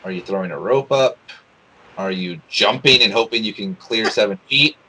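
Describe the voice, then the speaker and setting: A man's voice: on the low side, normal speed, bright, forceful tone, breathy edge, rough recording. A man running a tabletop game as game master, narrating with many restarts. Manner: hesitant, many restarts and fillers.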